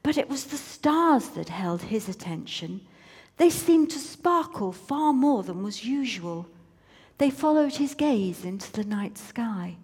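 A woman's voice: fairly high pitch, lively intonation, measured pace, darkish tone, breathy edge. A woman reading a story aloud with playful, teasing asides, in a room with a long reverb.

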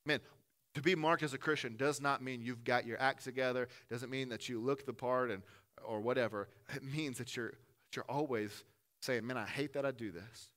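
A man preaching a sermon to a gathered congregation in a church room, earnest, rising to loud emphatic peaks and dropping to soft, low asides. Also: fairly even intonation, moderate pace. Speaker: pastor.

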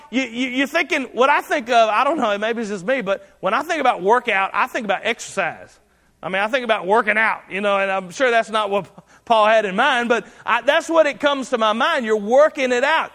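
A man preaching a sermon, emphatic and building to shouts on key lines. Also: very high-pitched, normal speed, big-room sound.

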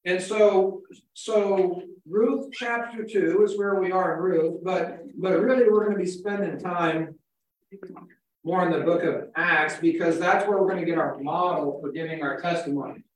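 A man's voice: high-pitched, fairly even intonation, unhurried, very echoey, recorded from a distance, rough recording. A man giving a conversational sermon as pastor, talking casually and often repeating words as he goes.

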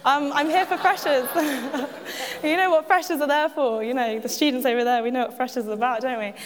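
Chatty high-voiced woman in an echoey hall. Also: fairly even intonation, fairly quick, crowd noise. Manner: chatty and self-mocking, laughing often, with asides to the audience. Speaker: church speaker. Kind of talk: personal testimony talk.

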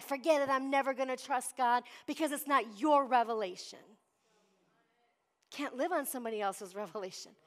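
Woman pastor preaching, high voice, lots of "amen?" and call-outs to the crowd. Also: a bit bright. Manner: preachy call-and-response, acts out Bible voices. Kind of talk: sermon.

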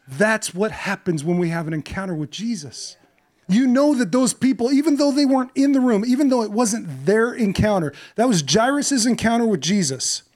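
A man preaching a sermon, retelling a story with shifts from quiet, hushed passages to impassioned, louder ones. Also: high voice, animated, brisk.

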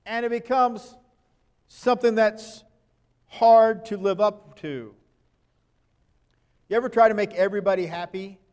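A man with a notably high voice preaches a sermon. He talks plainly and conversationally, putting questions to his listeners and reading scripture passages aloud. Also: a little slow, long pauses, a little mellow. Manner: reads scripture verses aloud.

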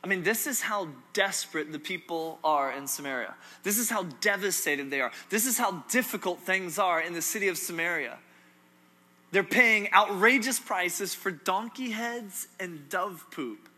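A male preacher delivers a sermon in a bright, somewhat high voice. He hammers points home with repetition and humor, swinging from loud emphasis to hushed gravity.

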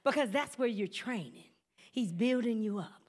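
A woman's voice: a little high, lively intonation, normal speed. A woman preaching a sermon in a conversational, humorous way, speaking straight to her listeners and acting out everyday scenes. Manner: conversational, addresses listeners directly.

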